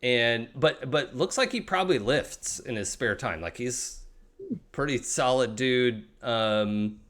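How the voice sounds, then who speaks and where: A man's voice: medium pitch, takes it slowly, fairly bright tone. A young adult man narrating a tabletop role-playing game as game master, with many fillers and restarts.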